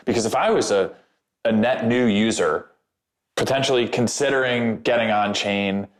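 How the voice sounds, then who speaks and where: A man hosting a podcast, chatting in a relaxed, musing way. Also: fairly low pitch, moderate pace. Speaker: podcast host. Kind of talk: casual podcast conversation.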